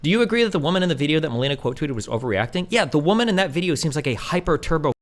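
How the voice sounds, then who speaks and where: A man in his thirties rants to his livestream chat in a quick, heated flood of words. His voice sits a touch high and swings widely in pitch as he mocks people in silly voices. He is blunt and profane throughout. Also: sing-song. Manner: mocking put-on voices when quoting others. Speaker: streamer.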